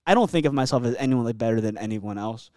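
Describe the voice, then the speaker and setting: A man's voice: mid-range voice, quick pace, mellow. A young man telling stories as a podcast guest, loose and chatty, packing in "like" fillers and swearing freely. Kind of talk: casual storytelling chat.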